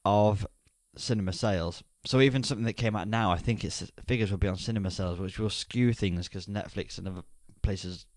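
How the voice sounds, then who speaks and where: A man's voice: on the low side, a little fast, hardly any pauses, a little mellow, dry recording, studio quality. A man in his thirties co-hosting a podcast, chatty and rambling, laughing often. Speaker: podcast co-host. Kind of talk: casual podcast chat.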